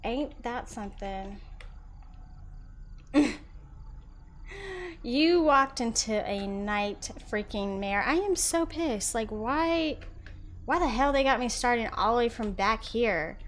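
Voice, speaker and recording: A young woman streaming a horror game, chatting with her viewers and reacting loudly. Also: fairly high pitch, lively intonation, takes it slowly, long pauses, slight background noise. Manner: chatty, loud reactions, talks to chat. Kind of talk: live horror game commentary.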